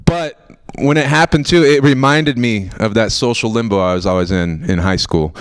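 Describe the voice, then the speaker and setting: A young man from Florida works through a stand-up set on a studio stage. He rambles and mocks himself, and he sometimes breaks into loud mock outrage. His voice sits at a middle pitch. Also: moderate pace, clear, resonant tone. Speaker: stand-up comedian. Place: TV studio stage with a live audience.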